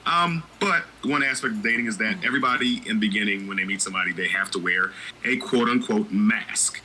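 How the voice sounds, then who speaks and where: A man in his thirties hosting a casual podcast chat, playful and drawling, low on energy. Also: a little fast, background noise. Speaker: podcast host.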